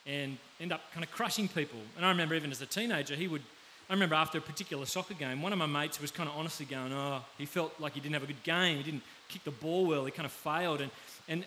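A man with an Australian accent preaching a conversational sermon, often pausing to check in with his listeners. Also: a little high, pushed and bright. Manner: conversational, pauses to ask the audience. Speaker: pastor. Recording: faint background hiss.

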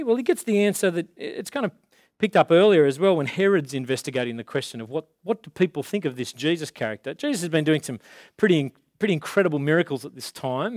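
A man preaching a casual sermon in a conversational way, slowing down to stress key words. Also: fairly high pitch, darkish tone, no echo, clean studio sound.

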